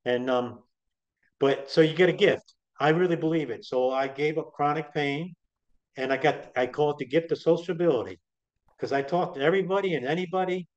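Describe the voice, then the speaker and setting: A man's voice: a little high, brisk. A middle-aged man guesting on an interview, telling his story in a chatty, rambling way with lots of restarts. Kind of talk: casual storytelling. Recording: dull lo-fi sound.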